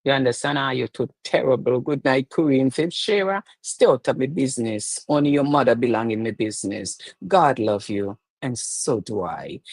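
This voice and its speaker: A woman's voice: extremely low pitch, normal speed, hardly any pauses, a little mellow, no echo. A middle-aged woman with a Jamaican accent hosting a live-streamed chat show, telling stories in a playful, teasing way and slipping between patois and standard speech. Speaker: show host.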